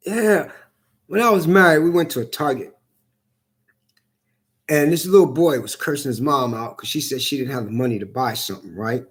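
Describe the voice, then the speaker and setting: Brief: high-pitched man, angry profane vlog rant, repetitive and heated. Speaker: vlogger. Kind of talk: angry ranting monologue.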